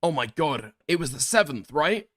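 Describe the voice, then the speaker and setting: A man's voice: a little high, big pitch swings, normal speed, fairly bright tone, pitched above the performer's own voice. A man voicing a nervous, bashful young man who acts falsely innocent, in a mocking tone.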